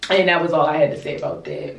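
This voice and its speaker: A young woman from Baltimore chatting casually with viewers while she does her hair, animated and blunt, calling them y'all and swearing freely. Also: low-pitched, fast talker, a little hiss or hum. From Baltimore, USA. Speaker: YouTuber. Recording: roomy echo, distant mic.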